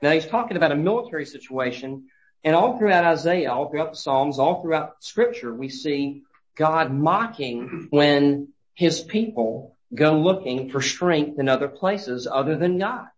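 A man's voice: on the high side, lively intonation, lo-fi sound. A man preaching a sermon in an earnest way, often restarting his phrases as he goes. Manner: earnest, halting with frequent restarts. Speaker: pastor.

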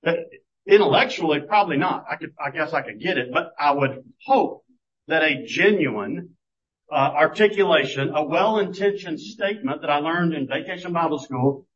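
A man's voice: a little high, lively intonation, normal speed, fairly bright tone, breathy edge. A man preaching a sermon, telling stories in a conversational way and often restarting his sentences. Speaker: pastor. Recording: muffled lo-fi sermon recording.

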